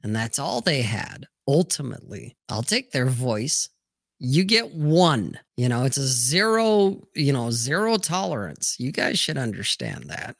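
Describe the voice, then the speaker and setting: A man's voice: medium pitch, very animated, a little slow, gravelly, no echo, studio quality. A man hosting a live stream panel, talking bluntly and swearing freely in a rambling, casual way. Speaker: livestream host. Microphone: streaming mic, remote call.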